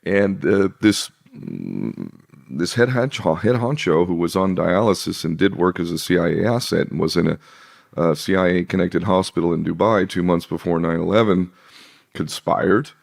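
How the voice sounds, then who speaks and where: A man's voice: sits low, expressive, moderate pace, gravelly. A man talking in casual conversation, emphatic and sarcastic, laughing between points. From British Isles. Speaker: podcast guest.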